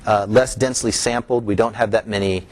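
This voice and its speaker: Lower-voiced man giving a lecture. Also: fairly even intonation, a little fast, a little mellow. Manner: explanatory, rising emphasis on key terms, some restarts. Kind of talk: academic lecture.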